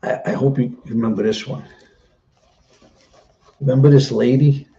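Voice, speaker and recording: Gravelly-voiced man rambling on a live stream. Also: mid-range voice, steady tone, normal speed, warm tone, muffled recording. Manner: rambling, chatty, repeats himself. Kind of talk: casual live stream chat.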